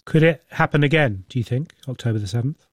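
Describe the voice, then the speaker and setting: A man presenting a radio news programme, introducing a guest and asking questions in a measured, formal way. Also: medium pitch, dry recording, studio quality. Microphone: studio mic.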